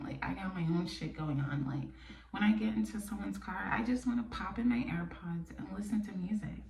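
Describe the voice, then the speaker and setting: Podcast host, woman from New York, gravelly low voice, blunt and candid, recorded in an echoey room. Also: a little hiss or hum. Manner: candid and blunt, drifting into soft near-whispers. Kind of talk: casual personal monologue. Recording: echoey room, mic a bit distant.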